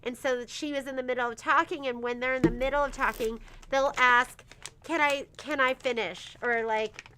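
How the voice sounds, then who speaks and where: A woman's voice: high voice, fairly even intonation, normal speed, background noise. A woman who owns a sewing shop, chatting casually on a livestream, reading out viewer comments and laughing often. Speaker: shop owner hosting a livestream.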